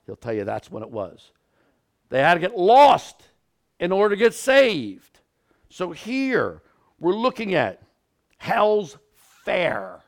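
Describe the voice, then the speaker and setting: A middle-aged man preaches with a gravelly, slightly raised voice. His pitch moves a lot as he tells stories, dropping to quiet asides and rising to loud bursts. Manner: storytelling, swings from quiet asides to loud outbursts. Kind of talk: sermon.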